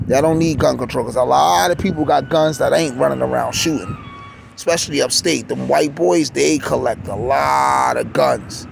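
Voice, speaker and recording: A middle-aged vlogger rants insistently on a city street, repeating himself and restarting phrases, with traffic noise behind him. His voice is a little high, creaky and darkish in tone.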